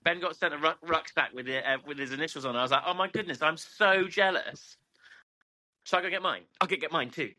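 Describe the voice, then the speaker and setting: A man's voice: a little high, very fast, few pauses, sharp tone. A man co-hosting a casual podcast chat, giggling often and rambling in a self-deprecating way. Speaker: podcast co-host.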